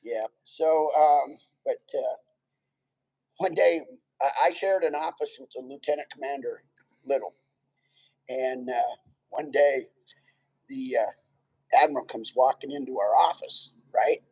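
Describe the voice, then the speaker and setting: A man's voice: mid-range voice, unhurried, gravelly, pauses often, darkish tone, breathy edge, rough recording. A man, a Navy veteran guest, telling stories and jokes in a casual chat by a campfire and laughing often. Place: outdoors by a campfire.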